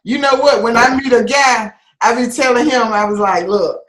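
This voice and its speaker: A woman's voice: on the high side, normal speed, a bit bright, roomy sound. A woman from Mississippi, hosting a casual interview, chatty and laughing easily. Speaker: interview host.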